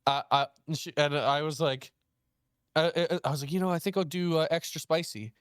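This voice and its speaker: A man's voice: brisk, clear, resonant tone, no room sound, clean studio sound. A young man hosting a casual chat, telling a story and acting out both sides of the dialogue. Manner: animated, acts out quoted dialogue with pitch jumps. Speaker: host.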